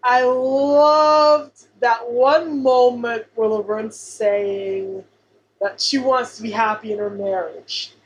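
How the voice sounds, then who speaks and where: Bright-voiced woman, playful podcast co-host. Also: a little high, steady tone, highs cut off. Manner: quick to agree and laugh, playful commentary. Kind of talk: casual chat reviewing a sitcom episode.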